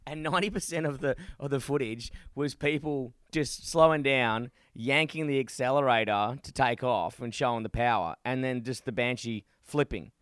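A man's voice: medium pitch, normal speed, few pauses, a bit bright, clear, resonant tone, no echo, clean studio sound. An Australian man co-hosting a podcast in casual chat, joking, laughing and swearing. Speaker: podcast co-host.

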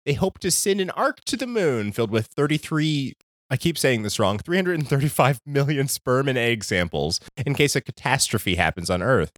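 A man's voice: mid-range voice, big pitch swings, normal speed, a bit bright, dry recording, studio quality. A man hosting a podcast in casual chat, laughing often and stumbling as he reads news items aloud. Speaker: podcast host.

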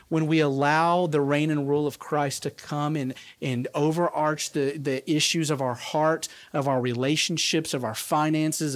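A man's voice: fairly high pitch, dry recording. A man giving a conversational sermon as a pastor, laughing at his own asides.

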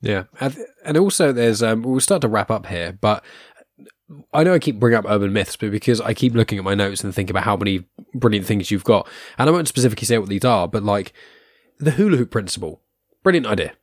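Rambling young podcast host. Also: male voice, fairly low pitch, expressive, quick pace, no echo, clean studio sound. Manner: rambling, self-deprecating, frequent fillers and restarts. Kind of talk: casual podcast interview.

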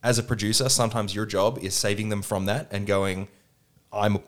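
A man, a producer guest on a podcast, telling animated anecdotes and acting out quotes in casual chat. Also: on the low side, a little fast. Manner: lively anecdotes with acted-out quotes.

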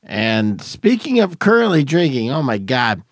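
A man's voice: mid-range voice, big pitch swings, measured pace, creaky, no room sound. A man hosting a podcast from a garage studio, rambling and laughing through tipsy banter. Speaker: podcast host. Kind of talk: casual chat.

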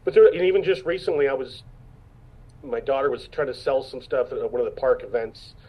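A man's voice: medium pitch, a little fast, warm tone, low-quality recording. A man in his fifties, an actor guest in a casual interview, telling stories and acting out what people said, with many restarts. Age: 50s. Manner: storytelling, acts out quotes, frequent restarts.

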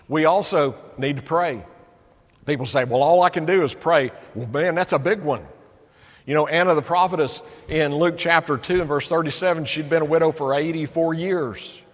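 A man with an East Tennessee accent preaches an encouraging sermon, his fairly high voice rushing through some phrases and slowing to lean on others. A long hall reverb trails each line through the sanctuary. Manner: earnest and encouraging, with quick bursts and slow emphatic phrases. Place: church sanctuary.

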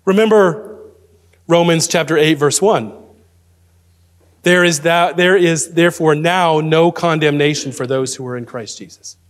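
A man preaching a sermon to his congregation in an earnest manner, then leading a quiet prayer. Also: on the high side, steady tone. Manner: earnest preaching that sinks to a soft, slow prayer. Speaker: pastor.

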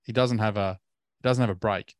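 A man co-hosting a podcast, chatting casually and halting with repeated words. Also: on the low side, steady tone, dry recording, studio quality. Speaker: podcast co-host. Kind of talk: casual chat.

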